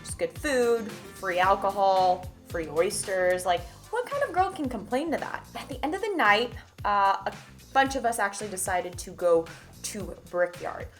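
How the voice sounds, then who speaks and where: A young woman from Idaho chatting to camera, telling a dating story in a lively, talkative way. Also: medium pitch, normal speed, faint music behind. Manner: animated, chatty, swings from loud to hushed. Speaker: vlogger.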